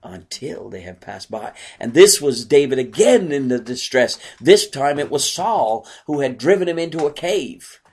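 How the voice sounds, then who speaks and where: A man's voice: fairly high pitch, animated, normal speed, few pauses, a little mellow. A man preaching a sermon in an earnest way, often asking rhetorical questions.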